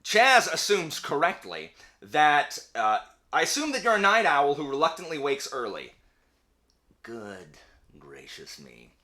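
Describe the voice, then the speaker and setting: Young man, casual chat host, lively swooping voice, bright tone, ranting asides. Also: fairly high pitch. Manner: animated, ranting, quick asides. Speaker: channel host; teacher.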